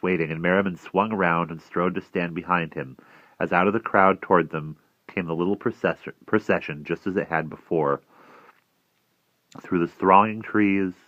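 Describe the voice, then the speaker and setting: A man reading a novel aloud, measured, with small restarts. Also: sits low, no echo. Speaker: narrator. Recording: dry, slightly dull recording.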